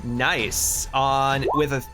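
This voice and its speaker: A man narrating a tabletop game as game master, in a relaxed, chatty way with many fillers and restarts. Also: medium pitch, extremely slow, music in the background.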